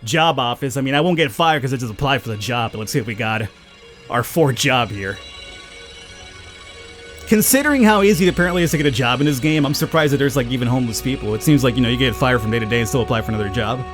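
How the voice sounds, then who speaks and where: A man with a low voice giving rambling, casual commentary on a game he is playing, and chatting to the characters on screen. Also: expressive, fast talker, a bit bright, soft background music. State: panicked, high and urgent. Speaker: let's play gamer.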